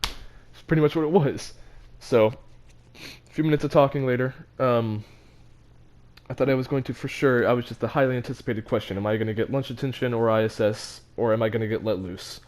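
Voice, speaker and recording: Teen guy vlogging a story, mid-pitched voice, laughs and trips over his words. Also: a little fast, a little mellow. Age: teens. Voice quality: laughs between phrases, restarts and stumbles. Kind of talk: casual storytelling.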